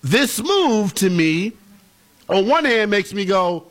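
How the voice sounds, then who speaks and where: A man co-hosting a sports talk show, giving animated, opinionated takes in casual chat. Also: high voice, takes it slowly. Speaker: co-host.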